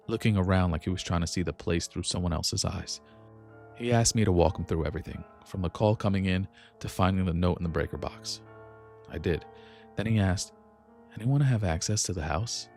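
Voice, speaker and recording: A man with a very low, gravelly voice tells a first-person horror story in a measured, tense way. His narration sounds scripted and steady. Faint instrumental music plays softly under him. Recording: soft music bed behind the voice.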